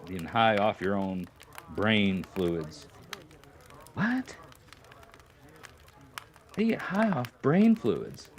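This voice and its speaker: A man's voice: fairly low pitch, sing-song, extremely slow, pauses often, slight background noise. A man chatting casually and goofily while streaming a game. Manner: rambling, joking, goofy. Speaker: live-stream gamer. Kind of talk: casual live-stream chat.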